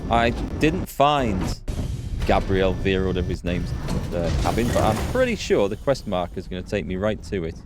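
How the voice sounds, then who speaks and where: A man's voice: sits low, big pitch swings, normal speed, over music. A man hosting a let's play, chatting and laughing through his commentary. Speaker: gaming video host.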